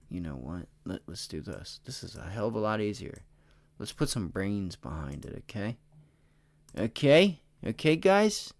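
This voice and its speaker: Excitable low-voiced man doing live chart commentary. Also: gravelly. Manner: energetic and excitable, swearing, talking to chat. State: tired. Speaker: stock trading livestream host.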